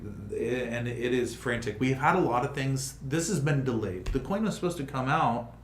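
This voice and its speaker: A man hosting a casual livestream chat, talking in an animated, rambling way full of restarts. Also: medium pitch, moderate pace. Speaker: crypto project host. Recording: roomy room with faint noise.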